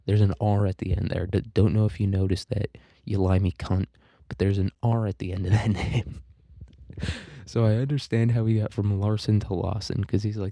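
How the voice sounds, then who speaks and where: Man, casual lecture host, rambling, crude jokes and swearing, very dark mellow voice, dry close sound. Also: fairly low pitch, little pitch movement, normal speed, gravelly, no room sound. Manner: rambling, crude and joking, with profanity. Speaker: podcast host teaching literature.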